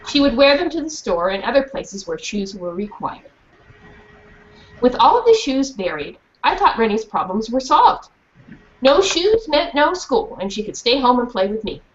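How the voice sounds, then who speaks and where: A woman's voice: on the high side, moderate pace. A woman reading a children's book aloud to students and then asking them questions. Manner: lively, questioning a class. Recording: dull lo-fi recording with faint hiss.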